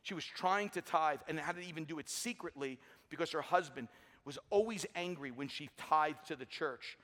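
A man's voice: a little high, moderate pace, fairly bright tone. A middle-aged man preaching a sermon with energy and humor in a large church. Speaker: pastor. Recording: long hall reverb.

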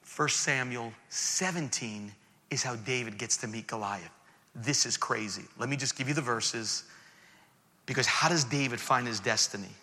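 A man preaching a sermon to students as their pastor, animated and acting out quoted voices, sometimes rising to near shouts. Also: medium pitch, moderate pace. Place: church auditorium. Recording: echoey hall with faint music behind.

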